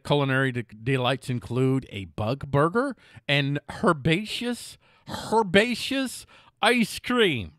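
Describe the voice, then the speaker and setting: A man's voice: fairly high pitch, fairly bright tone, no echo, clean studio sound. A middle-aged man hosting a casual news commentary show, reading headlines and breaking off into sarcastic, self-mocking asides with frequent restarts.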